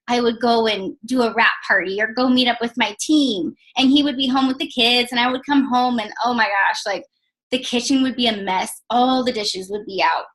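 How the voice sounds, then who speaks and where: A woman's voice: on the high side, pushed and bright, low-quality recording. A woman in her twenties telling a chatty, emotional personal success story as a direct sales team leader, with many fillers. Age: 20s.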